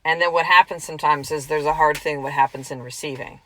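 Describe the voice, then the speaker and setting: A middle-aged woman giving an earnest, chatty motivational talk as a podcast host and coach, slowly repeating affirmations. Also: low-pitched, fairly even intonation, a bit bright, poor audio.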